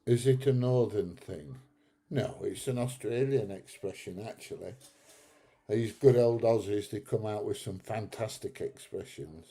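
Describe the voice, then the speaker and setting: A man's voice: on the low side, a little slow, dark tone. A man with a Northern English accent hosting a casual livestream, reading out comments in a blunt, chatty way and laughing often. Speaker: livestream host.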